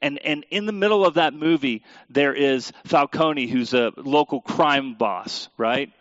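A man's voice: mid-range voice, a little slow, a bit bright, no room sound, lo-fi sound. Dry-sounding male preacher, conversational. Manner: conversational, self-deprecating asides to the congregation. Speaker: pastor. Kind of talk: sermon.

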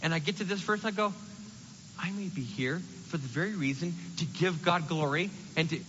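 A man preaching a sermon in an animated, conversational way, acting out the quotes he reads. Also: fairly high pitch, brisk, in a large hall, highs cut off, slight background noise.

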